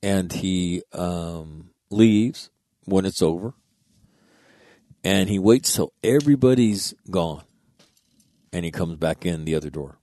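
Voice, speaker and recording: In a dry, close recording with no room echo, a man with a very low, warm voice earnestly tells a heartfelt story like a spoken monologue. His words are casual and blunt, he swears freely, and he talks slowly with long pauses.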